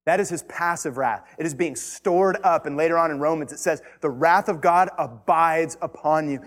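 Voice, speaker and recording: A man with a high-pitched voice delivers an emphatic sermon to his congregation. He repeats phrases and climbs in intensity as he presses his point. His voice carries a long reverb from a large hall. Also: moderate pace, few pauses. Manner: emphatic preaching, rising intensity, repeated lines. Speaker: pastor.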